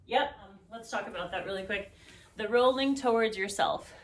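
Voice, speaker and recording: A woman's voice: mid-range voice, moderate pace. A woman teaching a belly dance routine, counting beats aloud and humming the rhythms with syllables. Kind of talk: dance tutorial instruction. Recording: echoey room, voice picked up from a distance.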